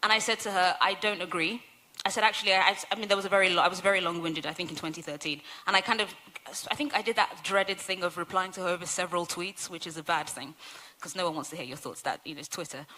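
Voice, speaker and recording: A woman's voice: on the low side, quick pace, few pauses, bright, forceful tone. A woman on a symposium panel, telling stories in a chatty way, correcting herself and laughing often. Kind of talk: conversational panel discussion.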